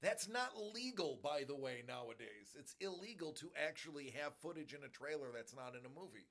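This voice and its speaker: A man in his forties, a stream host, ranting in a rambling, animated way about a movie in casual chat. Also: on the high side, brisk.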